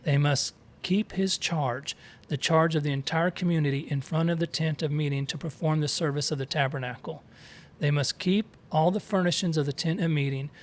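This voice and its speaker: This relaxed scripture discussion is led by a male co-host whose voice runs a bit high. He reads passages out loud, pauses to pronounce Hebrew terms, and keeps the teaching chatty with plenty of side comments.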